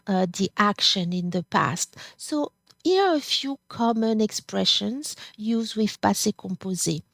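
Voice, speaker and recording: A woman teaching a grammar lesson, saying each form slowly and then repeating it. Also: mid-range voice, vocal fry, dry recording. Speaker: French teacher. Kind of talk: slow, careful grammar lesson.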